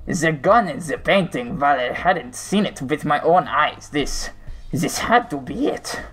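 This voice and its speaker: Man doing a German-accented, shell-shocked soldier, slow and grave, for a comedy creepypasta read. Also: fairly high pitch, animated, fairly bright tone, faint music behind, poor audio. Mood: dread. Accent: put-on German accent. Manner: slow, halting dramatic reading. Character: war-weary German soldier recalling the trenches. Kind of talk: reading a creepypasta aloud.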